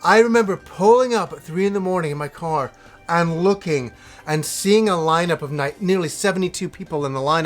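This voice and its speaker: A middle-aged male host spins a rambling personal story, acting out what people said and letting the odd curse slip. His voice sits high for a man. Soft music plays faintly behind him. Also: brisk. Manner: animated, rambling anecdote with acted-out quotes and swearing. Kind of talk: casual storytelling to camera.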